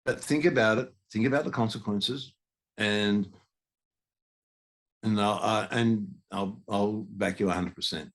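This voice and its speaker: Slightly slow and low-voiced, an older man from Australia rambles through stories as a guest musician on a relaxed podcast. He frequently stops and starts over.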